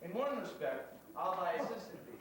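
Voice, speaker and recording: A man's voice: high-pitched, very animated, a little fast, a bit bright, slight background noise. A young man acting a kindly old friar in a school stage play, giving counsel, heard far off in an echoey hall.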